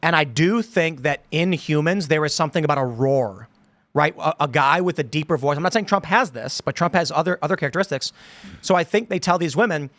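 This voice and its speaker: A man's voice: a little high, fairly quick, fairly bright tone, no room sound. A man in his thirties hosting a casual political talk show, rambling through stories and acting out quotes in put-on voices. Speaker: podcast host.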